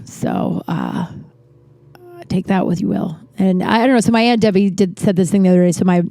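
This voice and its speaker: A woman's voice: mid-range voice, brisk, vocal fry, mellow, dry recording. A woman hosting a podcast, telling personal stories in a rambling, candid way and swearing freely. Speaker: podcast host. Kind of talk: casual storytelling monologue.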